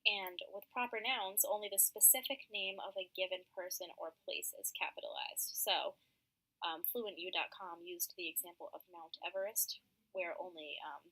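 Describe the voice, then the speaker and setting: Young woman presenter with a sharp, bright voice, steady mid pitch, reading class slides aloud. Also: low-quality recording. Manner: reads from slides with frequent ums.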